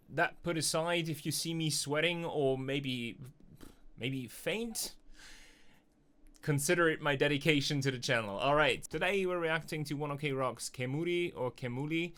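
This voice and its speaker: A man's voice: fairly high pitch, moderate pace, a bit bright. A man hosting a music reaction channel, chatting in an upbeat, explaining way from a small metal container studio on a studio microphone. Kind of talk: casual reaction commentary.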